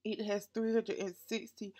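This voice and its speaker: A woman's voice: medium pitch, level tone, moderate pace, dark tone. A woman with a stuffy nose chatting through a book review on her vlog, gushing about what she read.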